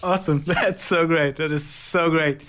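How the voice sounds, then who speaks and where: A man's voice: on the high side, steady tone, moderate pace, a bit bright. A man hosting a casual radio interview, upbeat and chatty. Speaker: radio host.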